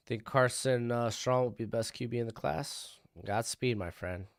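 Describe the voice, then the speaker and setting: In a mid-range voice at normal speed, a young man runs a live stream, chatting about draft picks, answering his chat, and giving offhand opinions.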